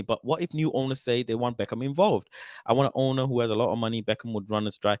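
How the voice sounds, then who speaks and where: A man in his twenties talks football to his viewers in a lively, questioning way. His voice is mid-pitched. The sound is dry and close, with no room echo. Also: quick pace, clean tone. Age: 20s. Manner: animated, fires rhetorical questions. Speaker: football channel host. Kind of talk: casual video commentary.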